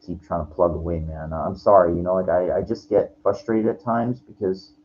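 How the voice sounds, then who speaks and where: Here is a forties-aged vlogger with a deep voice at normal speed and fairly even intonation, venting profanely to his camera. He rambles, keeps restarting, and slips in irritated asides, all on a lo-fi track with faint noise behind him.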